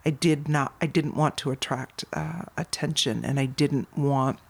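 A woman's voice: sits low, fairly even intonation, normal speed, vocal fry, breathy edge. A woman in her fifties, a guest author, talking casually and chattily in a podcast interview. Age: 50s.

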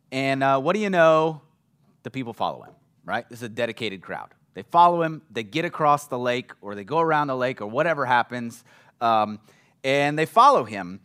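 A man's voice: medium pitch, fairly bright tone. A man preaching a casual, conversational sermon who often checks in with his listeners and acts out the people in the story. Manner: chatty, often checks in with "right?", acts out quotes.

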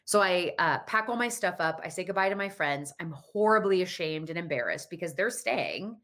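Brief: thirties woman, lowish pitch, animated storyteller who acts out the voices. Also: moderate pace. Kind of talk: personal storytelling.

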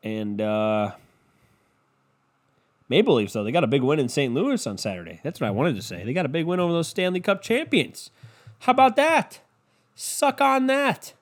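Hosting his own casual podcast, a man speaks at medium pitch and a little fast. His rant is animated and full of profanity, with mocking impressions of other people thrown in.

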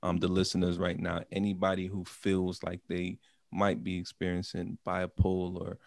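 A man hosting a casual podcast interview, easygoing in manner and quick to laugh. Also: sits low, completely flat delivery, gravelly, darkish tone, dry recording, clean studio sound. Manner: laid-back, easygoing, laughs often. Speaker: podcast host.

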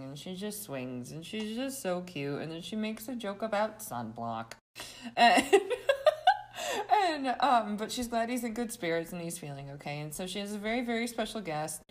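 A woman co-hosting a podcast, recapping a show in casual chat, laughing often and acting out quotes. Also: fairly low pitch. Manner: giggly, animated storytelling with quoted asides. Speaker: podcast co-host.

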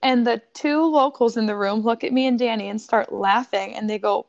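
Animated swearing storyteller woman. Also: on the high side, normal speed, gravelly, lo-fi sound. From Buffalo, New York. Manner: animated, swearing, laughs often. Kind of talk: casual storytelling chat.

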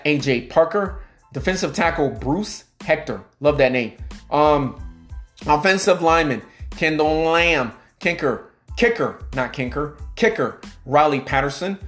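A man hosting a casual sports podcast. He reads off player names and positions in a steady list, hesitates over hard names with "um", and drops in quick asides. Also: a little high. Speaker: podcast host.

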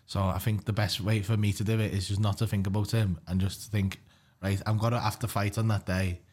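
A man chatting as a podcast guest, telling lively anecdotes and swearing casually. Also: on the low side, a little fast. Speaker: comedian and fighter, guest. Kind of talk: casual chat.

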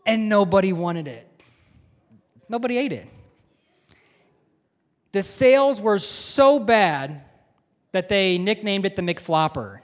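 A man's voice: sits high, animated, takes it slowly, pauses often. A man, head of a school, giving a conversational chapel talk to students, joking and asking them questions. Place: large chapel or auditorium with balcony. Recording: long hall reverb.

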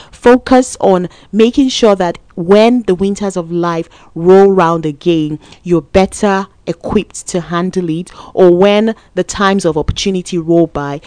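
Low-voiced woman giving a motivational talk. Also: dry recording. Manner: conversational, repeats words for emphasis; laughs and grows animated when telling stories. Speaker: motivational speaker.

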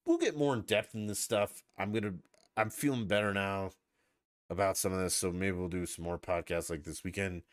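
Deep-voiced and moderately paced, this male podcast host launches into a combative, casual political rant. He curses constantly and sarcastically imitates his opponents in put-on voices. The recording is studio quality with no room sound.

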